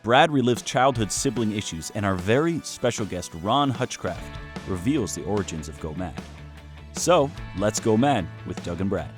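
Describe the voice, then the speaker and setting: A man, the show's producer, reading a podcast introduction in a relaxed way. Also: on the low side, normal speed, soft background music. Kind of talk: show intro.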